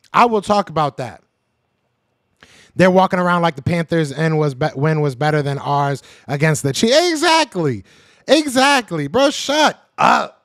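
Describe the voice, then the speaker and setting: On a close, dry mic, a high-voiced man hosts a live sports podcast stream, ranting heatedly. He trash-talks rival fans in loud slang, repeats each point again and again for emphasis, and addresses his chat viewers directly.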